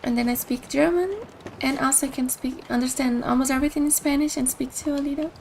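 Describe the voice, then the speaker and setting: High, gravelly woman gamer. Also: fairly even intonation, quick pace, a little mellow, slight background noise. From Brazil. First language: Portuguese. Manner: chatty, answers viewers' comments. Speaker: game streamer. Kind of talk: casual chat while playing.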